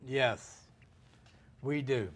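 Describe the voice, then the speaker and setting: A man's voice: mid-range voice, drawn-out words, slight background noise. A man co-hosting a live-streamed recovery talk show, upbeat and playful, joking as he greets viewers. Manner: upbeat and playful, jokes and mimics. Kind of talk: casual live-stream chat.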